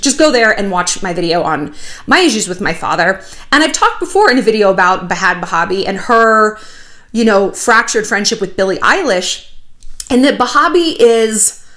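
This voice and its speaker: A woman in her thirties hosting a casual commentary vlog, chatty and animated with sarcastic asides. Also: fairly high pitch. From United States. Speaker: YouTube commentary host.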